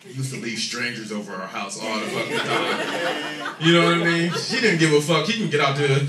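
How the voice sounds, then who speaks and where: A man doing a profane, animated stand-up comedy set on a club stage, with shouted punchlines. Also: fairly high pitch, normal speed. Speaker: stand-up comic. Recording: echoey club audio recorded from a distance. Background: loud crowd laughter.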